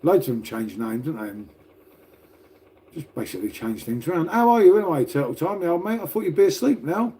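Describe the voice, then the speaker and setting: A man's voice: fairly high pitch, animated, a little fast, warm tone. An older man with an English accent chatting casually to viewers on a livestream. He rambles, swears freely and calls everyone mate. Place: at home, making coffee.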